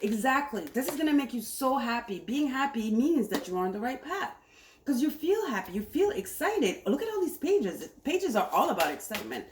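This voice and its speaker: A woman's voice: high-pitched, sing-song, moderate pace. A woman giving a casual, enthusiastic tarot reading to camera, repeating herself as she talks. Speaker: tarot reader. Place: home room, cooking on stove nearby. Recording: echoey room with faint noise.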